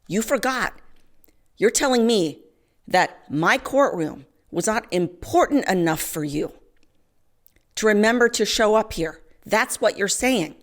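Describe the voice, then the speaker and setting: A woman quoting an offended male judge in a story, slow and indignant as he cross-examines. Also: mid-range voice, animated, voice pushed up, close to an everyday voice. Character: stern, offended middle-aged male judge.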